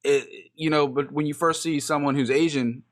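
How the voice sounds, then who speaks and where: A man from Washington D.C. hosting a casual podcast interview, talking in a halting way with many repeated words. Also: on the high side, steady tone. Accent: Washington D.C. area. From Washington D.C., United States. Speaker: podcast host.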